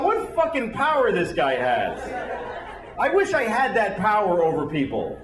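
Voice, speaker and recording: A man doing a profane, animated stand-up set before a live audience, acting out voices as he tells his stories. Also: sits high, normal speed, far from the mic. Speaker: stand-up comedian. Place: comedy club stage. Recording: roomy club with loud crowd laughter.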